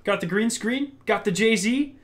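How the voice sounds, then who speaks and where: A man's voice: high voice, measured pace, a bit bright. Upbeat rambling young male host. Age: young adult. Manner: rambling, restarts often, upbeat. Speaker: podcast host. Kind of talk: casual gaming podcast chat.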